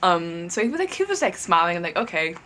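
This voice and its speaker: A young woman vlogging at home, telling a story in a rambling, animated way full of fillers. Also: on the low side, fast talker, a little hiss or hum. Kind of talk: casual storytime chat to camera. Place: at home, moving between rooms.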